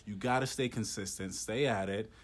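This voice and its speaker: A man co-hosting a casual conversation, encouraging and quick with short affirmations. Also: lowish voice. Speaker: podcast co-host. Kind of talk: casual chat.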